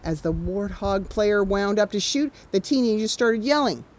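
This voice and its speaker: A woman's voice: medium pitch, moderate pace, poor audio. A woman from Canada, an author reading her picture book aloud with chatty asides to children. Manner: animated, chatty asides to young listeners. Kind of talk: children's storytime read-aloud.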